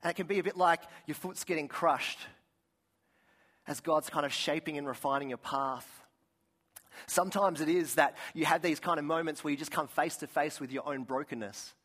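A young man delivering a sermon like a story told to friends, his voice sitting a touch higher than most men's. He restarts his sentences often and drops to a hush to press a point home. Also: normal speed. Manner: conversational, storytelling, frequent restarts, drops to a soft voice for emphasis. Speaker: pastor.

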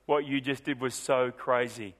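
A preacher voicing a grave biker who gives a quiet, serious warning. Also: male voice, medium pitch, fairly even intonation, normal speed, voice pushed down, natural voice, poor audio. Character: grave young biker warning a stranger, man.

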